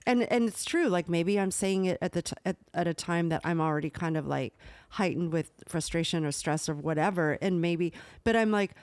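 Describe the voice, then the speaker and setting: A woman's voice: lowish voice, darkish tone, clean tone, no echo. A woman co-hosting a talk podcast, recorded dry and close with no room sound. She speaks earnestly and thinks aloud, often stopping and restarting her sentences. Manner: earnest, self-reflective, halting with restarts. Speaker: podcast co-host. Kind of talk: casual chat.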